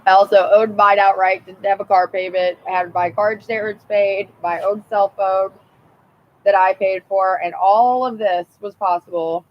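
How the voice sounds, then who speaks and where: A woman's voice: medium pitch, fairly even intonation, moderate pace, highs cut off. A woman telling personal stories in a blunt, rambling and profane casual monologue.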